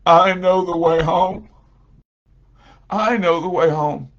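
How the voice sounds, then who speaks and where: A preacher voices an earnest eldest brother, pitched high above his speaking voice and pressing hard. The sound is husky and a little muffled. He pleads with steady conviction. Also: takes it slowly, exaggerated voice. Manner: earnest, pleading, rising intensity. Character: gentle eldest brother sent to bring others home.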